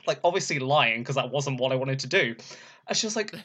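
A young man in an interview, telling a story in a lively way, laughing often and raising his voice to act out what people said. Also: fairly high pitch, fast talker, slightly rough. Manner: animated, laughs often, acts out quotes in a raised voice. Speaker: interview guest, burlesque performer.

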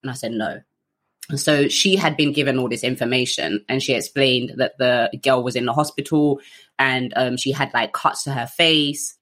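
A woman's voice: very deep voice, normal speed. Guest: young woman, candid storyteller, chatty, lots of fillers, wry about herself. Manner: chatty, frequent fillers, animated quoting, laughs at herself.

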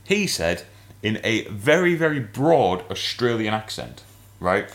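Guy, lowish voice, rambly podcast storyteller. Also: unhurried. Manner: rambling storyteller, animated when retelling. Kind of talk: casual podcast chat.

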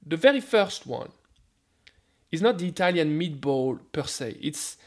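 A man's voice: a little high, sing-song, a little slow. A man with a French accent, a food scientist guest on a radio show, talking animatedly and often repeating words as he starts a sentence. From France. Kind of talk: radio interview.

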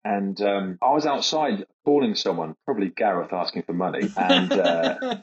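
A man's voice: low voice, normal speed. A man in his thirties, a comedian guest, telling casual anecdotes in a hesitant, rambling way and laughing through them. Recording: dull lo-fi podcast audio.

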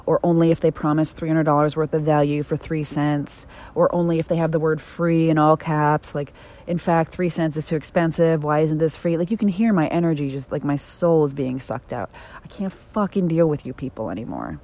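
A woman hosting her own podcast, talking candidly and bluntly, swearing freely and swinging between soft, tender phrasing and emphatic outbursts. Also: low-pitched, fairly quick. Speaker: podcast host. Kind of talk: candid solo podcast monologue.

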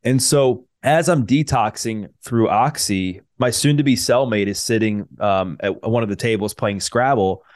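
Low-voiced guy telling his story on a podcast, earnest, um-ing a lot, dry sound. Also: measured pace, hardly any pauses, dry recording. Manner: earnest, many fillers and restarts. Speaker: podcast guest, personal trainer. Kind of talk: personal storytelling.

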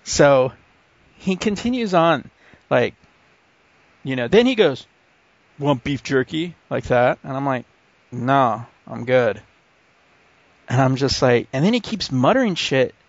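A man's voice: medium pitch, normal speed, no echo, dull audio. Man telling a story on a podcast. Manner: animated anecdote with acted-out quotes and profanity. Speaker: podcast host. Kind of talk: casual chat, storytelling.

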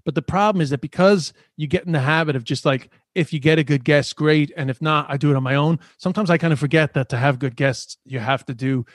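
Podcast host guy, higher voice, swears nonstop, animated rant, dry mic. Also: quick pace, hardly any pauses, no echo. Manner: swears constantly, animated ranting. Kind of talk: casual podcast chat.

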